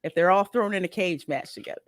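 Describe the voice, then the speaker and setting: A woman's voice: lowish voice, fast talker, no room sound. A woman co-hosting a casual livestream podcast, laughing often and reading viewer messages aloud. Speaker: podcast co-host reading donations.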